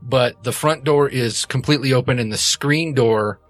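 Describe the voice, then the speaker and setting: A man's voice: mid-range voice, normal speed, no echo, faint music behind. A man narrating a tabletop game as game master, rambling and correcting himself as he goes.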